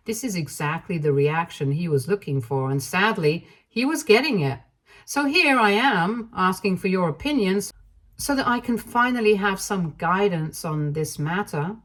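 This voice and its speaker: Woman narrating a story in a lowish voice. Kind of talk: scripted first-person story narration.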